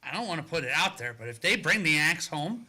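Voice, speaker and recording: A man hosting a casual sports talk show, excitable and fast-talking. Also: a little high.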